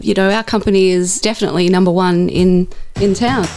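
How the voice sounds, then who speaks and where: A middle-aged woman, a seasoned radio presenter, chats as a guest in an interview. She tells stories candidly with a dry sense of humour, her voice at a middle pitch. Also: fairly even intonation, fairly quick. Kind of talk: casual interview chat.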